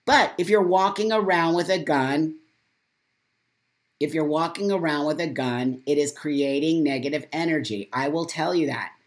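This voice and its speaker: A man's voice: on the high side, moderate pace. Angry, profane man ranting on a livestream. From United States. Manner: angry, profane, emphatic and repetitive. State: upset and saddened. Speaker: live-stream host reading viewer comments. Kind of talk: morning live-stream commentary.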